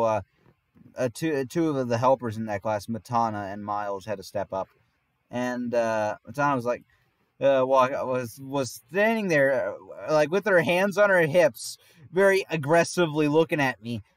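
A man's voice: a little high, no room sound. A man telling a long personal story in casual podcast chat, rambling and often laughing mid-sentence. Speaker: podcast host.

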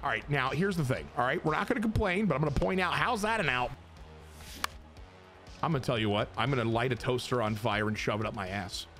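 A young man casually commentating his baseball video game to chat, excitable and crude, swinging between joking rants and hype. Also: medium pitch, a little fast, faint music behind. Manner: crude, self-mocking humor.

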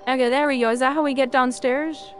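A woman's voice: high voice, steady tone, quick pace, a little hiss or hum. A woman streamer chatting casually and rambling jokingly to viewers while she plays a game. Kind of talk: casual gameplay chat.

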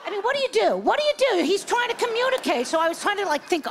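A woman's voice: very high voice, quick pace, hardly any pauses, slight background noise. A woman in her sixties doing a stand-up comedy set, telling brash stories and acting out the voices in them. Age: 60s. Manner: brash, animated storytelling with acted-out voices.

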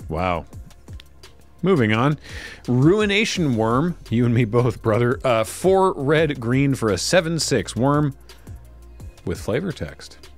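A man's voice: mid-range voice, takes it slowly, long pauses, faint music behind. A man hosting a casual card pack review, reading card text aloud and making wry asides. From Canada. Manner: lively, wry, reads card text aloud then riffs. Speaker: host opening card packs.

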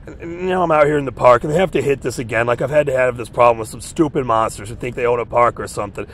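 A man speaking outdoors in a park, rambling in an agitated way while reading headlines and recounting threats. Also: medium pitch. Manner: agitated, rambling, repeats himself. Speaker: vlogger.

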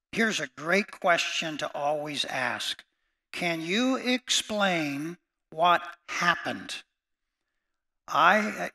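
Bright-voiced preaching man. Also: on the high side. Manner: emphatic, repeats each point, addresses listeners as friends. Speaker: pastor. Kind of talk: sermon.

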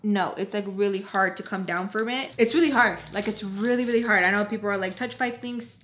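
A young woman in her twenties telling a casual storytime vlog at home, animated, filling every phrase with "like" and acting out what people said. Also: medium pitch, quick pace. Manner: animated, fillers "like" constantly, acts out quoted lines. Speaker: vlogger.

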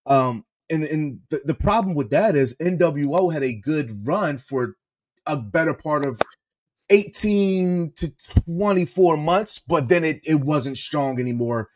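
A man co-hosting a wrestling review podcast, chatting in an animated way and laughing often. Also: a little high, a little slow. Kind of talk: casual podcast chat.

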